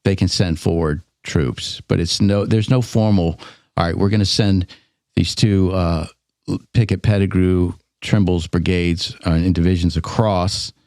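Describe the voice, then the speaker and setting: A man with a very low, deep voice talks through history questions in an easygoing, joking way, thinking out loud as he goes. The sound is dry and close, with no room around it. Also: unhurried, no echo. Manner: relaxed, joking, thinks aloud. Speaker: licensed battlefield guide. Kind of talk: casual podcast chat.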